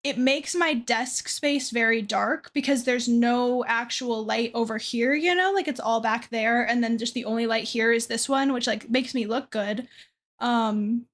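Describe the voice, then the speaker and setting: Slow-talking young woman streamer. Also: fairly high pitch, fairly bright tone. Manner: chatty, self-deprecating, trails off with fillers. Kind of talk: casual chat to a livestream chat. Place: dim room at her desk.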